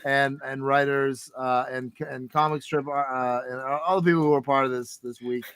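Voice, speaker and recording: A man's voice: mid-range voice, steady tone, normal speed, fairly bright tone, smooth, no echo. A man hosting a podcast, signing off in a loose, rambling way with lots of restarts. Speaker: podcast host. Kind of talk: casual chat.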